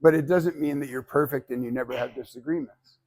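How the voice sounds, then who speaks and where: Animated man teaching public speaking. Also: mid-range voice, brisk. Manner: animated, acts out quotes, swears casually. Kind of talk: informal class lecture.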